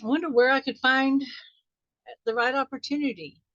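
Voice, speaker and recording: A woman hosting a live online coaching session, talking warmly and straight to her listeners and stretching out musing questions, heard over dull call audio. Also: sits high, fairly even intonation, normal speed, no echo. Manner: warm, encouraging, talks straight to listeners. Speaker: wealth mindset coach hosting a weekly group. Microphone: video call microphone.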